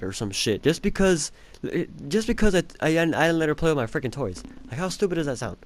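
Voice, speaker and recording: A young man telling a childhood story in a rambling, casual way, swearing a lot and filling pauses with um and like. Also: fairly high pitch, expressive. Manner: rambling, profane, full of fillers and laughs.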